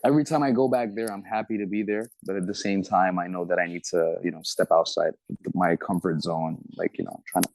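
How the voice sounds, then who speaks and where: A man's voice: deep voice, steady tone, a little fast, creaky, few pauses, darkish tone, low-quality recording. A man from Ethiopia, a rapper answering interview questions in a loose, reflective way, with plenty of "like" and "you know".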